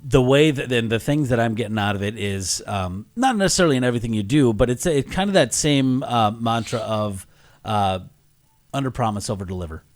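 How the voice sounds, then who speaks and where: A man co-hosting a podcast, chatting casually. He hesitates often and fills his pauses with "uh" and "um". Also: mid-range voice, animated. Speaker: podcast co-host. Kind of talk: casual chat.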